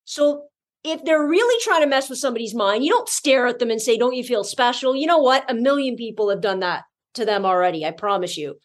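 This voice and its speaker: A woman's voice: fairly high pitch, brisk. Blunt, sarcastic woman reviewing a movie. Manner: blunt, sarcastic, animated storytelling. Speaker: podcast co-host. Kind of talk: casual movie review chat.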